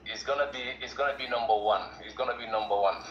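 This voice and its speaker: Earnest low-voiced man. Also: fast, fairly bright tone, echoey room, highs cut off, a little hiss or hum. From Gambia. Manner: earnest, repeats himself, fills with "you know". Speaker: guest caller. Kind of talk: casual chat.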